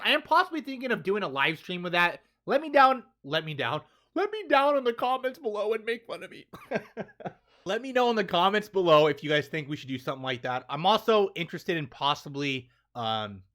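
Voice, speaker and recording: A man hosting a casual manga chapter review, excitable and chatty, tagging on "right?" and "man" as he talks. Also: medium pitch. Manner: excitable, keeps asking "right?" and saying "man".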